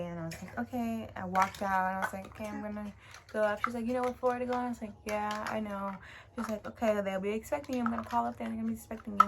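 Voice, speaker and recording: A young woman vlogger telling a story in a casual, emotional way, with lots of fillers and casual swearing. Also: medium pitch. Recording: clear background noise.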